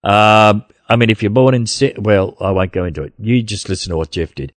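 A man's voice: on the low side, fairly quick, dry recording. A man hosting a gospel podcast, talking bluntly and combatively and laughing often. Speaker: podcast host. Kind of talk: casual podcast chat.

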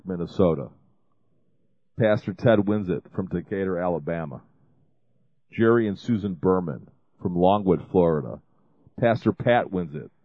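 A man with a low voice hosts a ministry show, making a rambling fundraising appeal full of restarts and fillers. There's no room sound, and the recording is dry and lo-fi, like a phone.

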